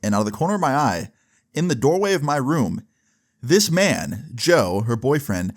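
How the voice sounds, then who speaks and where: This young vlogger has a medium-pitched voice and a moderate pace, and he's very animated. Casually telling a story to camera, he sounds exasperated and curses freely along the way.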